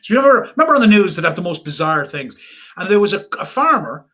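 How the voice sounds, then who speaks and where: A man's voice: high voice, sing-song, fast, pushed and bright. An Irish man, a comedian guest, joking and rambling through a casual chat. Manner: joking, rambling, full of asides and laughter.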